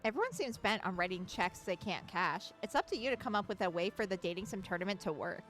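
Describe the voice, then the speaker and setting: A woman's voice: medium pitch, expressive, fast talker, a bit bright, soft background music. A woman streamer chatting casually during a game, laughing often.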